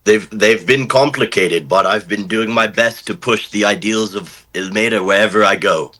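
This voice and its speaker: Man, tabletop player, low pitch, sharp bright tone, halting in-character speech. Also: low-quality recording. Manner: halting, repeats words while speaking in character. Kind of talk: in-character roleplay at a tabletop game.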